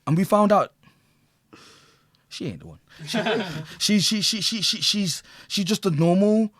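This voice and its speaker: A middle-aged man, a podcast guest, telling a story loudly, swearing, acting out the people he quotes and laughing often. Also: sits high, animated, unhurried, slightly rough, no room sound. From England. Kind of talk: animated storytelling.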